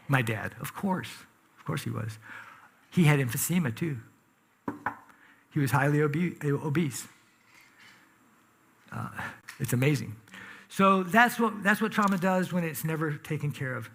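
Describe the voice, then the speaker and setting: Conversational preacher, a man with higher pitch. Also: fairly bright tone. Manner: conversational, emphatic, asks the congregation questions. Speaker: pastor. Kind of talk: sermon. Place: church sanctuary.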